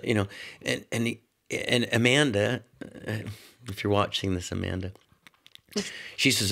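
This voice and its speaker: A man telling a rambling, animated anecdote as a talk show guest, full of restarts and quoted dialogue. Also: lowish voice, moderate pace, vocal fry, long pauses. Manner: animated storyteller. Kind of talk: casual anecdote.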